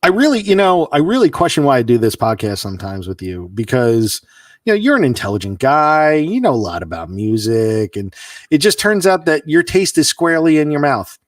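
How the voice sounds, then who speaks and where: Podcast co-host guy on a mock-exasperated rant, bouncy lively pitch, dry room, mic a bit far. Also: fairly quick, dry recording. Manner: mock-exasperated, argumentative ranting. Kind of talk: casual podcast debate.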